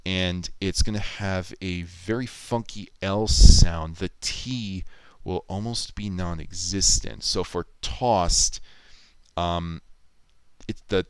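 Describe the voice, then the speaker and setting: A man hosts a casual livestream, thinking aloud as he works and reading out viewers' comments. His voice sits low and clean, recorded dry with no room sound. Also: clean tone, no room sound, rough recording. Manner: musing, thinks aloud, reads chat comments out. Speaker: livestreamer editing a video.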